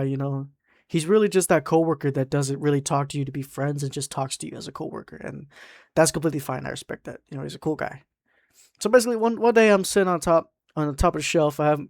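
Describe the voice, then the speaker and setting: A man's voice: fairly high pitch, a little mellow, no room sound, studio quality. A man from Mexico telling a work story in a rambling, profane way, full of "like" fillers. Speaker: storytime vlogger. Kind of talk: casual storytime narration.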